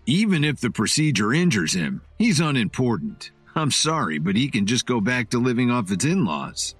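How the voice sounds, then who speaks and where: Man doing sneering arrogant young snob, scornful, raised pitch, dry. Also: very animated, normal speed, breathy edge, no echo, soft background music.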